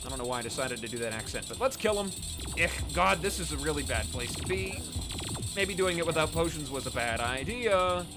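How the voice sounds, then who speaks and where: A man giving chatty, excitable gameplay commentary as host of his let's play series, often poking fun at himself. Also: fairly high pitch, brisk, music in the background. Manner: excitable, chatty, self-mocking.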